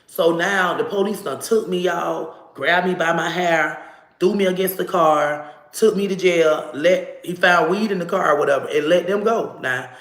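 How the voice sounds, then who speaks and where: A woman telling a personal story to camera in a casual, animated way, swearing freely and acting out what people said. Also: lowish voice, moderate pace, reverberant. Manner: animated, profane, acts out dialogue.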